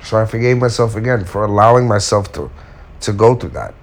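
A man's voice: lowish voice, expressive, fairly quick. A man speaking casually and candidly to his viewers, giving self-help advice and telling a personal story with acted-out quotes. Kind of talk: casual motivational talk to viewers.

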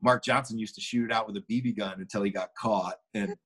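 A man's voice: fairly low pitch, fairly even intonation, quick pace, fairly bright tone, breathy edge. A middle-aged man, a former baseball player, casually telling a long anecdote with restarts and quoted dialogue. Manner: rambling, with many restarts and acted quotes.

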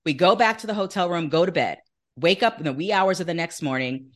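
A woman guest on an interview podcast, telling a personal faith story in an earnest, animated way and acting out the voices she quotes. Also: on the low side, brisk. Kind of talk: conversational testimony in an interview.

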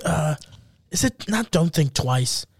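A podcast co-host rambles in casual chat, searching aloud for words amid many fillers and curses. His voice is a little high, animated, gravelly, and breathy, and he takes his time.

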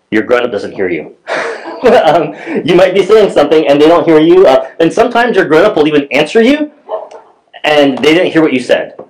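A man's voice: mid-range voice, rough recording. A middle-aged man, a pastor, preaching a sermon in a church in a conversational storytelling way, with many fillers and restarts.

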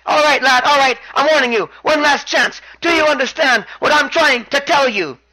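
A man's voice: very high voice, brisk, voice pushed up, rough recording. A man voicing an arrogant male wrestling champion who mocks and talks down to his rival. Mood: condescending. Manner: shouting, mocking, condescending.

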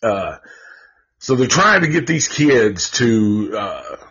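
Male host, casual live film review, slow and profane, husky, dull lo-fi sound. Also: lowish voice, very animated, a bit bright. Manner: rambling, profane, many fillers and restarts.

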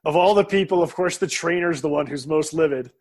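Guy hosting a chat, high voice, kinda breathy, easygoing. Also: fairly quick. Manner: relaxed, laughs along. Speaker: host, interviewer. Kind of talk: casual interview chat.

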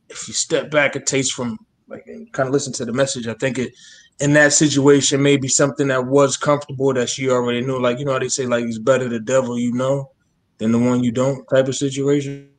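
A man's voice: medium pitch, little pitch movement. Laid-back man hosting a panel show. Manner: laid-back, quick to laugh, steers the talk. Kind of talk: casual panel discussion.

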